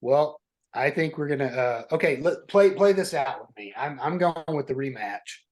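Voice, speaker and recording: A man's voice: medium pitch, animated, normal speed, darkish tone. Stammering man in casual political chat. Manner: stammers and restarts often when making a point. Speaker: podcast co-host.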